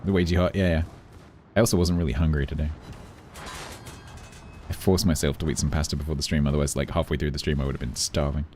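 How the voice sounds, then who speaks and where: A man's voice: very deep voice, steady tone, quick pace, pauses often, a little mellow, soft background music. A British man streaming a game, chatting casually with his viewers in a rambling, dry, self-mocking way. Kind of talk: casual chat while gaming.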